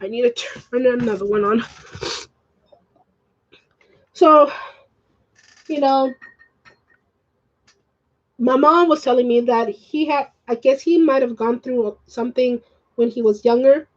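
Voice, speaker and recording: A woman's voice: on the high side, a little slow, pauses often, dull audio. A woman vlogger ranting to the camera at home, upset and swearing, slipping in Spanish phrases. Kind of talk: emotional rant to camera.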